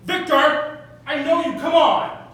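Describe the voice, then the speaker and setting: Man playing a freaked-out coworker, begging and whiny, high pitched, echoey theatre. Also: sing-song, a little fast, fairly bright tone, recorded from a distance. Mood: exasperated. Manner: pleading, frantic. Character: panicked, pleading male colleague.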